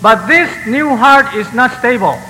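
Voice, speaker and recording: A man's voice: very high voice, animated, measured pace, bright, forceful tone. A man interpreting a sermon phrase by phrase, sometimes hesitating and restarting. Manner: follows the preacher phrase by phrase, with fillers and restarts. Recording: roomy hall reverb with faint noise.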